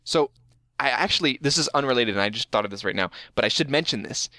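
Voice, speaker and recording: A man's voice: medium pitch, animated, fast talker, sharp tone, no echo. Guy hosting a podcast, rambly, says like a lot, dry sound. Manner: rambling, many filler words. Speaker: podcast host. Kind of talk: casual podcast chat.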